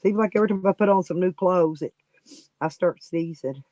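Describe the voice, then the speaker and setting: A woman's voice: fairly low pitch, brisk, darkish tone, no room sound, lo-fi sound. A woman, sniffly and coughing, chatting casually and folksily with viewers on a live stream. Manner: folksy, rambling, talks straight to chat by name.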